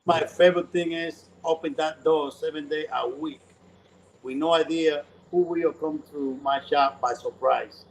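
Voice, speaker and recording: A man with a slightly high voice tells stories with lively energy, speaking in broken English. He talks casually about his cigar lounge as an interview guest. A faint hum of noise sits behind him. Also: measured pace, creaky, poor audio. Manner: animated storyteller in broken English.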